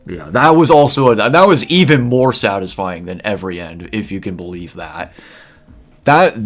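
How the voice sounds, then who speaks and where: A man giving casual, opinionated gaming commentary, rambling and peppering his talk with fillers. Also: deep voice. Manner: opinionated, rambling, heavy use of "like". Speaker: gaming video creator.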